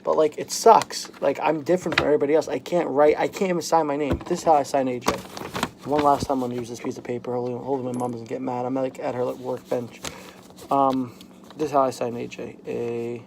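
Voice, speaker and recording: Young male vlogger, gravelly voice, mid-pitched, candid and rambling. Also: little pitch movement, noisy background. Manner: frank, halting, lots of "like" fillers. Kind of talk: candid personal vlog. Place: home, at a workbench.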